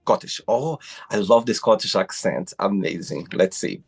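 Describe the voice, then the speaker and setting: A man from Brazil hosting a casual interview over a video call, effusive and quick to exclaim. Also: lowish voice, animated, vocal fry, husky, faint music behind. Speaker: host.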